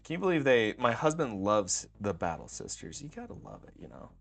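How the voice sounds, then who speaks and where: A man's voice: on the low side, huge pitch swings, a little fast, vocal fry, a bit bright, faint music behind. A man hosting a casual livestream, joking and laughing often as he talks to chat while working on a craft. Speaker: livestream host.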